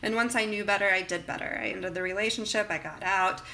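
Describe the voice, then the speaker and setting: A woman talking earnestly and reflectively in a personal vlog, with many pauses and fillers. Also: mid-range voice, fairly even intonation, pushed and bright. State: emotional near the end. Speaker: vlogger.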